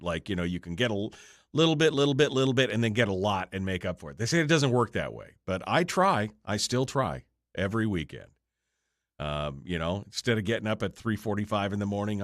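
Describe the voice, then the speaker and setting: A man's voice: fairly low pitch, fairly bright tone, no room sound, studio quality. Tired, joking male radio host. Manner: rambling, self-deprecating, joking with chat. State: tired, yawning. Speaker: radio talk show host. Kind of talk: off-the-cuff livestream chat.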